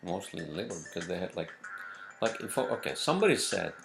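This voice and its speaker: A man's voice: low voice, sing-song, brisk, gravelly, fairly bright tone, soft background music. A man hosting a solo podcast, rambling off-script with lots of cursing, fillers and restarts. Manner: profane, meandering, lots of fillers. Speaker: podcast host.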